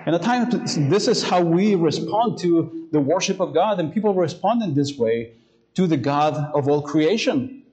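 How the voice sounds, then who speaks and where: A male pastor preaching a sermon, hesitant with fillers when telling a story and slowing down to read scripture aloud. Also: on the high side, animated, darkish tone, low-quality recording.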